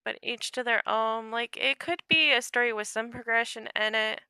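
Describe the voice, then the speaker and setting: A woman's voice: fairly high pitch, normal speed, bright, forceful tone, clean tone, no room sound. A woman writer casually chatting during a writing livestream, talking in a chatty way with many fillers. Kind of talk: casual chat while writing.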